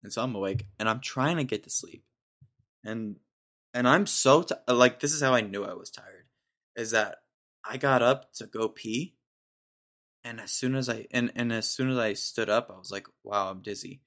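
A man's voice: medium pitch, moderate pace, fairly bright tone. A young man in his twenties hosting a podcast, telling a rambling, jokey story in casual slang. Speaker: podcast host.

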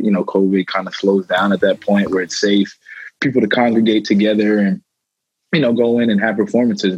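A man's voice: lowish voice, a little mellow, slightly rough, no room sound. A man in his twenties, a guest athlete and rapper, talking in a loose, rambling way that repeats itself, heard over slightly muffled remote call audio. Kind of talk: casual interview talk.

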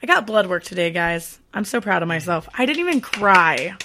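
Low gravelly-voiced woman podcaster. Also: sing-song, moderate pace, noisy background. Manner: chatty, giggly, self-deprecating. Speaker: podcast co-host. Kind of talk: casual podcast chat.

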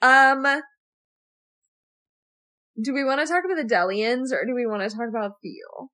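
High, lively young woman podcast co-host. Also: moderate pace. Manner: animated, frequent "like" fillers and laughter. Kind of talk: casual chat.

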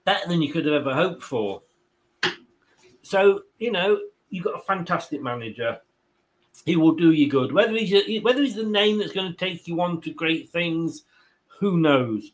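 Casual football host, chatty and rambling, light higher voice. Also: male voice. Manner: chatty, laughs often, rambling asides. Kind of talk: casual football chat with viewer comments.

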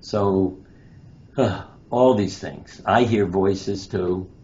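A very deep-voiced man tells anecdotes as an interview guest, slipping into the voices of the people in his stories. The sound is dull and lo-fi, with a faint hiss behind him. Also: very slow, mellow. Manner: anecdotal, acts out quoted lines. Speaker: guest, pediatric surgeon and author. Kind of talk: interview storytelling.

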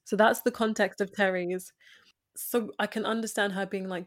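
A woman's voice: mid-range voice, brisk. A woman chatting casually about a TV series, retelling scenes and acting out the characters' lines. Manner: animated storyteller, acts out quotes. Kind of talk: casual chat reviewing a TV show.

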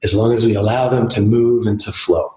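A man's voice: fairly low pitch, flat delivery, a little fast, a little mellow, echoey room, low-quality recording. A man who teaches yoga and breath work, speaking as a podcast guest in a thoughtful, earnest way. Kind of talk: casual podcast conversation.

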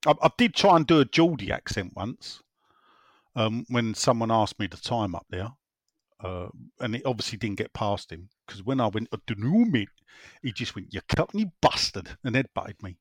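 A man's voice: on the low side, normal speed, dry recording. A man hosting a casual football fan chat, rambling and repeating himself as he reads out listener messages. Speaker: football podcast host reading listener messages.

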